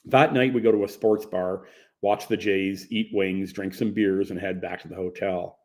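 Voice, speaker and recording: A man's voice: sits low, steady tone, moderate pace, a little mellow. Man narrating a story in first person.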